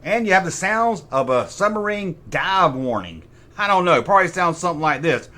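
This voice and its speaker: A man's voice: high voice, big pitch swings, moderate pace, bright, forceful tone. A middle-aged man hosting a comic toy review. He makes sarcastic asides and imitates sound effects with his mouth. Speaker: toy collector host.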